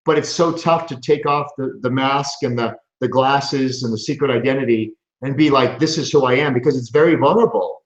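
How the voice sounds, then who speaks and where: A man's voice: mid-range voice, fairly quick, few pauses, reverberant, highs cut off. A man hosting a live chiropractic show, speaking in an earnest, preachy motivational way and often restarting his phrases. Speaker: chiropractor host.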